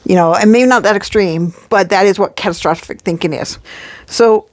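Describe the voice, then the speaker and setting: A woman co-hosting a casual podcast. She explains things in a measured way and reads from her notes. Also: medium pitch. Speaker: podcast co-host.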